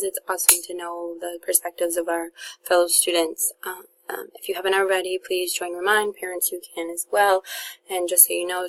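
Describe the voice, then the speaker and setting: Lady teacher, young, kinda low and gravelly, flat tone, lots of ums while explaining her class. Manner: casual, friendly, many fillers and restarts. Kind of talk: course introduction to students and parents.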